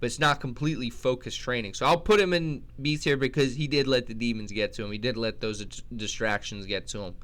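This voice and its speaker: A young man hosts his channel with loose, rambling commentary. He swears freely and often restarts his sentences. His voice sits at a middling pitch. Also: a little fast, hardly any pauses, fairly bright tone. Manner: rambling, profane, many restarts. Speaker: channel host. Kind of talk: casual commentary.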